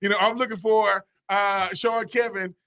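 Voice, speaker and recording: A man with a Southern American accent co-hosting a casual sports talk show, excitable and often repeating himself. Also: high-pitched, moderate pace, clean tone. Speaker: sports radio co-host.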